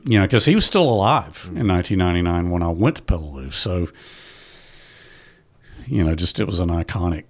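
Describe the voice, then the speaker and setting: A middle-aged man with a low voice, a podcast guest telling family stories. He talks haltingly, stopping and restarting often and using plenty of fillers. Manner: halting, restarts often, then quotes his father in a raised animated voice. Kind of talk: conversational storytelling.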